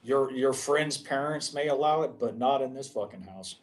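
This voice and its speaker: A man's voice: medium pitch, moderate pace. A middle-aged man hosting a podcast, rambling and swearing in casual chat. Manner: rambling and profane. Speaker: podcast host.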